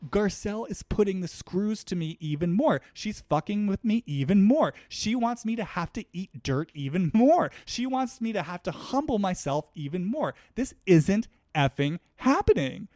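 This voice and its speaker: A man's voice: sits high, expressive, moderate pace, hardly any pauses, dark tone, no room sound, clean studio sound, pitched above the performer's own voice. A man voicing an entitled woman TV personality in sarcastic, exasperated outbursts. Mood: indignant.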